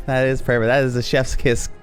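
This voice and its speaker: A man's voice: mid-range voice, little pitch movement, moderate pace, faint music behind. A man chatting casually while streaming a game, rambling and laughing often. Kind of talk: casual gameplay commentary.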